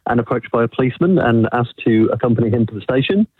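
A man's voice: mid-range voice, lively intonation, fast talker, slightly rough, dry recording, phone-quality sound. A man in his forties from the UK calls a radio show and tells an anecdote in a dry, matter-of-fact way. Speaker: caller. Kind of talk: telling an anecdote on a phone-in.

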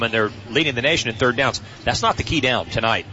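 A man, a team's play-by-play radio voice, giving folksy, relaxed football analysis from a stadium booth. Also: mid-range voice, fairly quick, lo-fi sound, soft background music.

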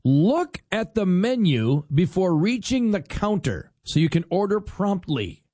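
A middle-aged man talks his way through a casual talk-show monologue. He is wry and chatty, slipping into little acted-out scenes as he goes. His voice sits a touch high, and the sound is dry and close to the mic. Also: sing-song, unhurried, dark tone, no room sound. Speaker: radio host.

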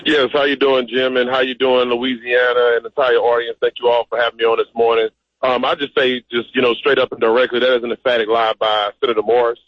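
A man's voice: medium pitch, little pitch movement, fast talker, no echo, dull audio. A man as a radio interview guest, speaking emphatically and directly. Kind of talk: phone-in interview.

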